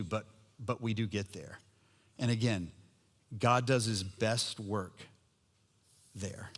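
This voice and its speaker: A middle-aged man preaching a sermon, telling a personal story in a conversational, humorous way. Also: fairly low pitch. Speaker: pastor. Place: church sanctuary. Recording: long hall reverb.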